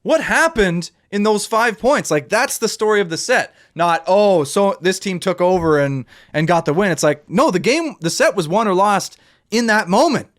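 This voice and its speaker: A man's voice: high-pitched, moderate pace. A man hosting a casual podcast chat, talking emphatically with many restarts. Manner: animated, emphatic, rambling with restarts.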